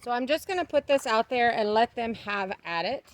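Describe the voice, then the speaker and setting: A woman's voice: a little high, lively intonation, normal speed. A woman talking casually to her camera outdoors on a farm, chatting and talking to her animals in a sing-song voice. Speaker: homesteading vlogger. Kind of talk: casual vlog narration.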